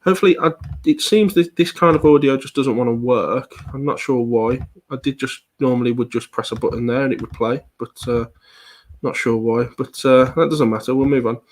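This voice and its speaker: A man's voice: medium pitch, fairly quick, a little hiss or hum. Hesitant man presenting online. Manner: hesitant, frequent ums and repeated words. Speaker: paranormal investigator giving a presentation.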